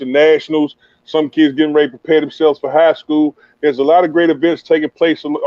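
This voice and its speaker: A man hosting a podcast in a hype, slangy, joking manner, his voice sitting a little high. The sound is dull and lo-fi, and very dry. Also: no echo. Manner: hype, slangy, playful banter. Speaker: podcast host interviewing a youth player. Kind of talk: casual podcast interview.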